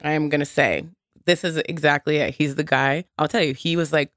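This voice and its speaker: A woman's voice: sits low, fairly even intonation, fairly quick, fairly bright tone, no echo, clean studio sound. A woman in her thirties chatting candidly and bluntly on a podcast, laughing often. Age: 30s. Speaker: podcast co-host. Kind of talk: casual chat.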